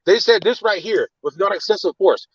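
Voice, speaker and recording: A man's voice: sits high, brisk, breathy edge, dry recording, highs cut off. A man with children telling an agitated, cursing story of his arrest, often repeating words. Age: adult with children. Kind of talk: casual storytelling.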